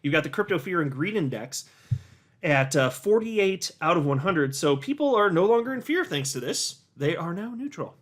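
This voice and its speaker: A man giving casual, animated commentary as a hobby YouTuber, with sarcastic asides and little rants. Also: on the high side, normal speed. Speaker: crypto YouTuber.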